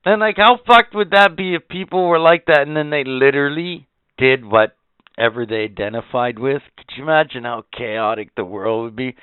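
A man's voice: medium pitch, normal speed, smooth, no room sound. A man co-hosting a casual podcast chat, ranting and swearing as he gets worked up. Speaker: podcast co-host. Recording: tinny phone-like sound, dry.

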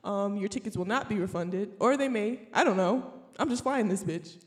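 A woman's voice: mid-range voice, moderate pace, pitched below the performer's own voice, natural voice. A woman putting on a mock-formal airline pilot announcement, full of crude jokes.

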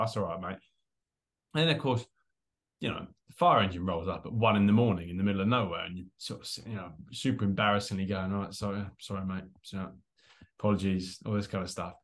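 With a fairly low voice and fast delivery, this young man co-hosts a casual podcast. He spins a lively story full of laughter and acted-out quotes in relaxed chat.

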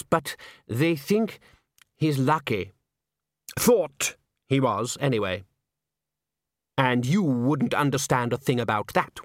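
A man's voice: medium pitch, dry recording, clean studio sound, lightly acted. A man voicing a snooty male music director who speaks with pained, superior patience. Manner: superior, drawn-out.

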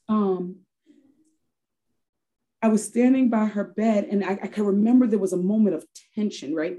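A woman's voice: mid-range voice, warm tone. A woman from Harlem, New York, reflectively telling a personal story as an interview guest, often restarting her sentences. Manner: reflective, with frequent restarts and fillers.

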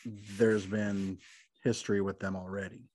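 A man co-hosting a podcast in casual chat, asking questions, teasing and halting between words. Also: lowish voice, flat delivery, a little mellow. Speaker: podcast co-host.

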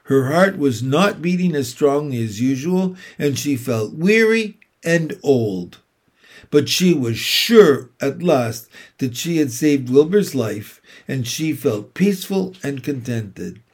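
A man reading a children's book aloud, narrating slowly and deliberately. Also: mid-range voice, lively intonation, husky. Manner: slow, deliberate storytelling.

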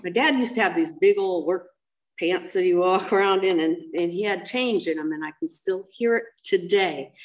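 An older woman with a gravelly, fried edge to her voice and a lowish pitch. She is blunt and candid, telling her life story in an interview, dotted with ums and acted-out quotes. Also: rough recording.

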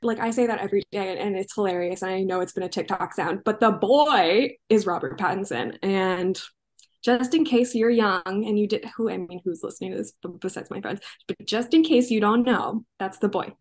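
A woman hosts a casual podcast chat and talks with a wry, easygoing manner. Her pitch sits in a middle range for a woman. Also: brisk, darkish tone. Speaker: podcast host.

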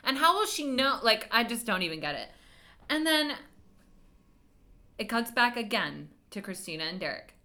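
A woman's voice: on the high side, big pitch swings, normal speed, pauses often, bright, forceful tone. A woman co-hosting a podcast, chatting casually and animatedly as she recaps a TV episode, acting out the scenes and swearing freely. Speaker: podcast co-host.

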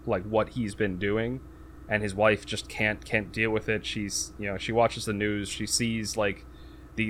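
A man's voice: lowish voice, fairly bright tone, a little hiss or hum. A man in casual podcast chat, recapping a movie plot with lots of fillers and restarts. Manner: rambling, many fillers and restarts; acts out quotes in raised voice.

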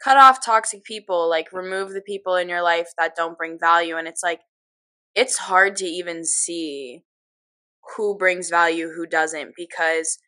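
A woman's voice: fairly low pitch, steady tone, unhurried, pushed and bright. A woman in her twenties co-hosting a podcast, talking candidly with lots of filler words. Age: 20s. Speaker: podcast co-host. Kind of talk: casual chat.

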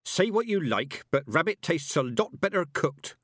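A man's voice: on the high side, sing-song, normal speed, a bit bright, no room sound, pitched above the performer's own voice. A man reading an audiobook voices a stern old witch woman who speaks in a blunt, clipped, dry way. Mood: gruff.

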